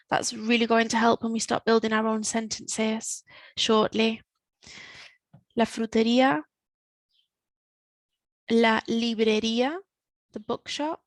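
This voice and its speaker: A woman with a fairly high voice leads a language lesson, patient and methodical. Her pitch stays even and level as she explains. The sound is dry and close, with no room behind it. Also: no room sound, low-quality recording. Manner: patient, explains step by step, switches between English and Spanish. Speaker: Spanish teacher.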